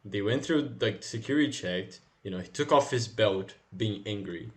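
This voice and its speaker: A man in loose, casual podcast talk with a low-pitched voice. He rambles through long stories, swears freely and laughs often. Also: animated, moderate pace, noisy background. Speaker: podcast co-host. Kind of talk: casual chat.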